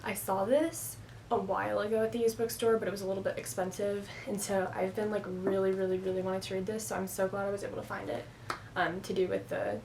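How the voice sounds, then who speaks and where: A woman's voice: medium pitch, noisy background. A young woman in a casual book haul vlog, chatting at home into a camera on a stand and filling her talk with "like". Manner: chatty, rambling, heavy use of "like". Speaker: book vlogger. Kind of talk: casual chat.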